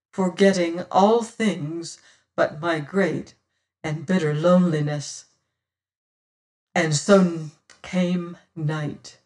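Slow, high-voiced male storyteller. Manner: solemn, old-fashioned storytelling. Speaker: audiobook narrator. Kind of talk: scripted first-person narration.

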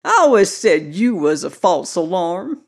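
A reader voicing a boastful, touchy old man of fifty who cackles and scoffs in a shrill voice. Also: sing-song, measured pace, creaky, heavily acted. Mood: gloating. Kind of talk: audiobook character voice.

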